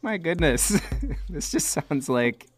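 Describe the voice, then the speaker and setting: A man's voice: fairly high pitch, very animated, slow, slightly rough. A man co-hosting a podcast, asking playful, curious questions and laughing often. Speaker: podcast co-host. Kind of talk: casual chat.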